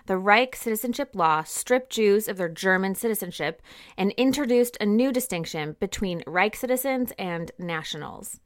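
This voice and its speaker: A woman co-hosts a history podcast, reading through her notes and breaking in with casual asides. Her voice sits at a middle pitch and her delivery stays relaxed and conversational. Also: moderate pace. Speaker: podcast co-host.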